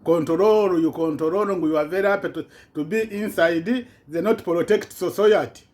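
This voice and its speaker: A man's voice: on the high side, normal speed, darkish tone. A man giving an impassioned political rant in broken, non-native English, repeating himself with indignation. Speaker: vlogger.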